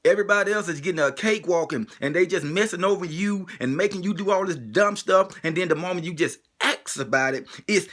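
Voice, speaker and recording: A man's voice: high voice, brisk, hardly any pauses, fairly bright tone. A man delivering an emotional spoken monologue, driving it forward with the same pointed rhetorical question again and again.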